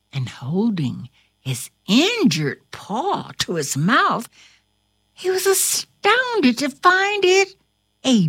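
A woman's voice: extremely high pitch, fairly bright tone, no echo, clean studio sound. A woman reading a storybook aloud to a listener in a dramatic, theatrical way, dropping into whispers and bursting into exclamations. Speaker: storybook reader.

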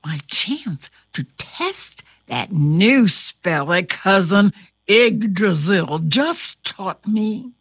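A woman's voice: medium pitch, animated, extremely slow, fairly bright tone, breathy edge, no echo, voice pushed down, exaggerated voice. Sly wheezing old witch, storybook villain, read by a woman, very dry close sound. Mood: gleeful. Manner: wheezing, snickering whisper.

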